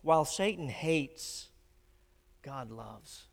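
A man preaching a sermon, swinging from emphatic declarations to hushed, grave warnings. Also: medium pitch, animated, takes it slowly, vocal fry. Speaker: pastor. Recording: long reverb of a church hall.

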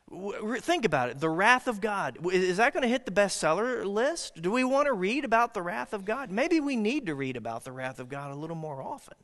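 Male pastor, dynamic earnest sermon delivery, slightly high voice, long hall reverb. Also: a bit bright. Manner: earnest, dynamic preaching with restarts and acted quotes.

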